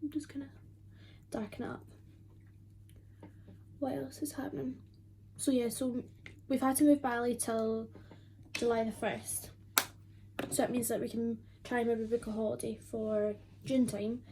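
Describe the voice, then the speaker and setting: A woman's voice: a little high, flat delivery, normal speed, dark tone, a little hiss or hum. A twenty-year-old woman, chatting casually and rambling with lots of fillers while doing her makeup at home. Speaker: beauty vlogger.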